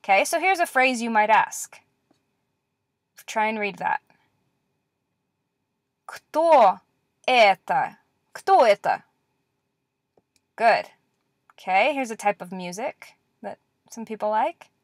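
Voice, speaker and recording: A woman teaching a lecture-style language lesson, repeating words slowly and clearly with patient encouragement. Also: mid-range voice, lively intonation, no echo, studio quality.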